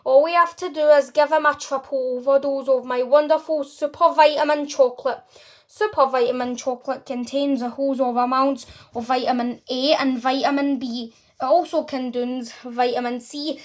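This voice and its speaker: A woman reading a brisk, breezy chocolate maker. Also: high voice, steady tone, natural voice. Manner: brisk, cheerfully dismissive.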